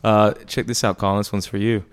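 A man's voice: lowish voice, level tone, fast, smooth. A man in a casual podcast chat who reads news headlines aloud.

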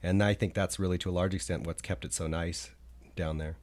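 A man's voice: low-pitched, steady tone, a little fast, a little mellow. A man on a podcast as a guest, recalling his travels in a rambling, casual way with many fillers and restarts. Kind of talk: casual chat.

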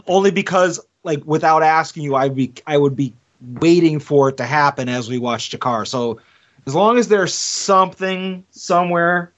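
Excitable man recapping matches. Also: a little high, normal speed. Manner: enthusiastic, swearing, thinking out loud. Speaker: podcast co-host, recapping matches. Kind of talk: casual chat and recap. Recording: muffled lo-fi sound.

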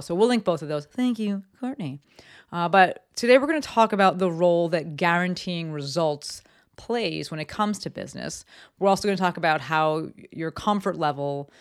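A podcast host from New Jersey talks through a casual solo business episode from a home office, chatty and candid, with lots of ums and likes. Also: mid-range voice. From East Coast US, New Jersey.

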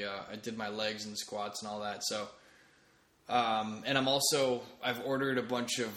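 A man's voice: lowish voice, bright, forceful tone. A man hosting a solo comedy podcast late at night, rambling casually with restarts. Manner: rambling, with frequent restarts and fillers. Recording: echoey room.

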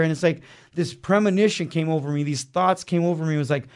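A man's voice: on the high side, quick pace, a little mellow. A man telling his personal testimony as an interview guest in a small studio, in an earnest, slangy, casual way. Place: small studio beside a chapel.

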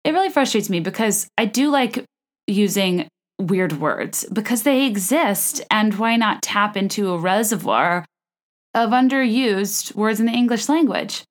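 A woman's voice: medium pitch, expressive, measured pace. Chatty, self-deprecating young woman podcaster. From American South. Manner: chatty, self-deprecating, rambling with restarts and laughs. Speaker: podcast host. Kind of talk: casual solo podcast monologue.

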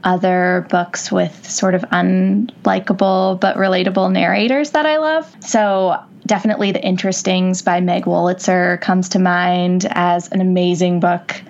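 A woman's voice: fairly low pitch, steady tone, moderate pace, vocal fry, hardly any pauses, highs cut off. A woman who teaches, a guest on a book podcast, giving thoughtful book recommendations. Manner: thoughtful, earnest. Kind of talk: casual book chat.

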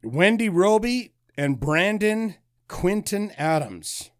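A man chatting on a podcast, his pitch riding fairly high and swinging widely as he tosses out film trivia. He talks loosely and swears casually, like a regular host among friends. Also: sing-song, slow, dry recording, clean studio sound. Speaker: podcast co-host running a movie quiz. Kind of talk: casual chat.

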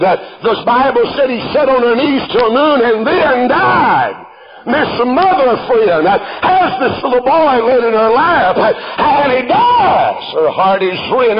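A man preaching a sermon. He reads scripture aloud, explains it, and calls out to the listener as "friend," swelling into fervent shouts. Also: very high voice, dull audio.

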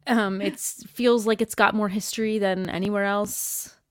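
A woman from Canada chatting casually as a guest on a video call, bubbly and laughing often, with quick asides. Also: medium pitch, fairly even intonation, clear, resonant tone. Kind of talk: casual chat.

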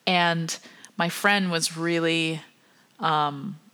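A chatty woman with a low voice co-hosts a casual podcast chat. She goes into fine detail and laughs easily as she talks. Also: fairly even intonation, extremely slow, pushed and bright, clean tone. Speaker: podcast co-host.

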